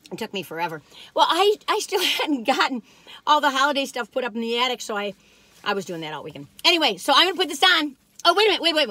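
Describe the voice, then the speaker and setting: Woman in her sixties, high voice, very lively swooping pitch, exuberant, rambling chat, dry close sound. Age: 60s. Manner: exuberant, breaks into loud whoops and laughter; chatty, rambling, talks straight to viewers. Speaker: cookie review vlogger. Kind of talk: casual chat.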